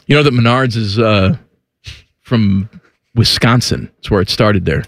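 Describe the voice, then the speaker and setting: A man's voice: fairly low pitch, a little slow, no echo. A man from Ohio co-hosting a radio show, trading wry, teasing banter. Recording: dry close studio mic.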